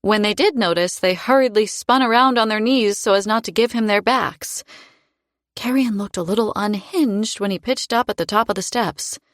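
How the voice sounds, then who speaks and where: A woman narrates a fantasy story in first person, in a middle-pitched voice with a measured, expressive delivery. The sound is dry and close, with no room around it. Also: no echo. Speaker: audiobook narrator.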